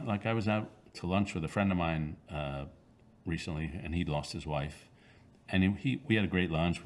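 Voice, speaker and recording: A man in his sixties, an author answering interview questions in a reflective, halting way with many fillers and restarts. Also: extremely low pitch.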